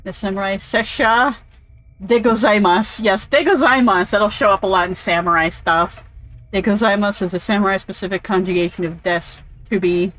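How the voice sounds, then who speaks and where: A woman's voice: mid-range voice, brisk, fairly bright tone, poor audio. A woman casually commentating while playing a game, rambling and swearing freely. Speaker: let's play streamer.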